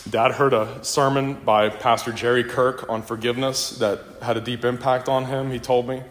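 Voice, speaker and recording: A man's voice: mid-range voice, flat delivery, normal speed. A middle-aged man, a son, delivering a funeral eulogy for his father and telling family stories in a reflective way. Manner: reflective storytelling, with warm anecdotes. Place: church in a large hall. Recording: echoey church hall.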